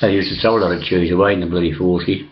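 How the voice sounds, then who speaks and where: A man's voice: deep voice, fairly even intonation, fast talker, a little hiss or hum. An older man, rambling through old memories with many fillers, restarts and casual swearing. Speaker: storyteller recalling old days. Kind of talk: rambling reminiscence. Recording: dull lo-fi sound.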